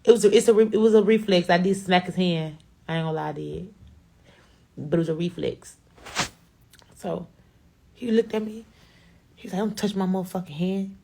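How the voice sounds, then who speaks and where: A young adult woman with a Chicago accent telling a blunt, profane, animated story in a casual storytime to camera. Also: lowish voice, normal speed, vocal fry, pauses often, noisy background. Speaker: rapper.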